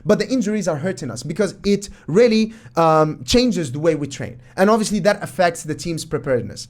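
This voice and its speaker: A man's voice: on the high side, lively intonation, brisk, darkish tone. A man hosting football tactical analysis, commenting emphatically over match footage with exasperated rhetorical questions.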